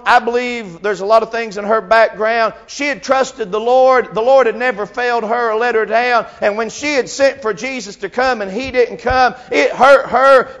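A man's voice: very high voice, a bit bright. A man in his fifties preaching a sermon fervently, with frequent filler sounds between phrases.

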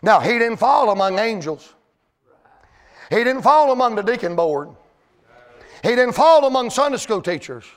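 A man preaching a sermon, mixing folksy homespun stories with rising, shouted, drawn-out preaching. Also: very high voice, very animated. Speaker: pastor.

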